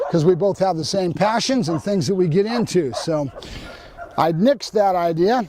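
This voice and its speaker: A man's voice: sits high, normal speed, noisy background. A man, a professional dog trainer, explaining his training methods plainly and directly to viewers. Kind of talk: instructional training video.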